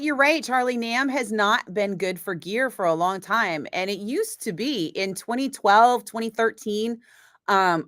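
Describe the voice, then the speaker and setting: A woman's voice: medium pitch, a bit bright, no room sound, clean studio sound. A middle-aged woman, a radio DJ, chatting casually with viewers on a livestream, blunt and swearing freely. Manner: blunt, swears freely, quick asides to chat. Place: home studio. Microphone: studio microphone.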